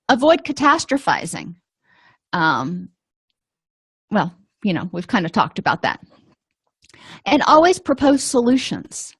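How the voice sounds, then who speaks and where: A middle-aged woman calmly explaining anger management tips in a casual talk, with frequent pauses and fillers. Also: medium pitch, husky, no echo, clean studio sound. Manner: calm, explanatory, with frequent ums and you-knows. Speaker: vlogger giving advice.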